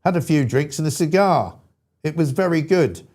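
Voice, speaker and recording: A swaggering, self-satisfied politician rattles off his achievements with defiant pride, as a man puts him on in a jokey impression. His voice sits a little high for a man. Every claim lands as a small victory lap. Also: lively intonation, moderate pace, a little mellow. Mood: boastful. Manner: defiant, boastful, repeats "they said I couldn't". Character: mock-triumphant male politician boasting of his week.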